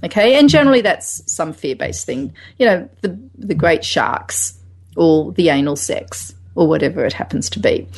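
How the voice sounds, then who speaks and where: A woman's voice: deep voice, lively intonation, normal speed. A woman co-hosting a sex-education podcast, chatting casually and enthusiastically and acting out little quotes. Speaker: podcast co-host.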